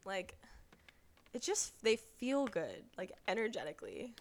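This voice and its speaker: A young woman co-hosting a podcast in casual chat, high on cannabis and giggling often. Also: very animated, measured pace. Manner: giggly, drifting, laughs often. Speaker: podcast co-host.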